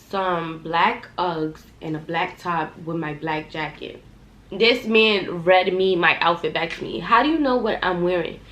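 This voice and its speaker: A young adult woman telling a storytime vlog, animated and profane, talking straight to her viewers. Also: on the low side, slight background noise. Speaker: vlogger. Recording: echoey room, faint ambience.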